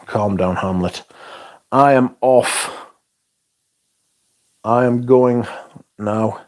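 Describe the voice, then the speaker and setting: A man's voice: mid-range voice, drawn-out words, pauses often, darkish tone. A man from England, chatting casually on a livestream, reading out comments with blunt, sweary, dry humour. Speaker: livestream host reviewing fragrances.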